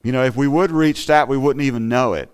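A man's voice: medium pitch, fast, smooth. A man giving an earnest, conversational sermon in a church, often saying "you know" as he talks. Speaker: lay preacher.

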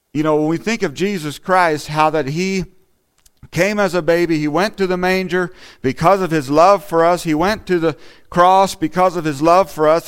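A man's voice: on the high side, clear, resonant tone. A man giving an earnest, conversational sermon in a church, often saying "you know" as he talks. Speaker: lay preacher.

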